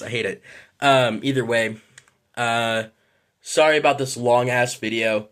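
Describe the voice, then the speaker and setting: A man's voice: mid-range voice, steady tone, unhurried, long pauses, a bit bright. A man ranting in a casual vlog, frustrated and rambling, swearing often and apologizing for it. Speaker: vlogger.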